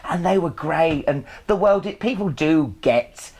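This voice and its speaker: A man's voice: on the high side, expressive, unhurried, darkish tone, husky. A middle-aged man from England hosting a podcast, camp and exclamatory, giggling as he tells stories. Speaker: podcast host. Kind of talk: casual chat.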